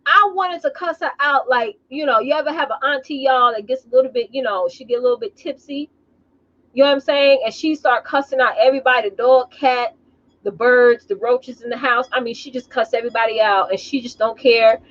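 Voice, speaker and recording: A woman business coach talking casually on a live stream, telling animated stories and calling her viewers y'all. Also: high voice, a little fast, muffled recording.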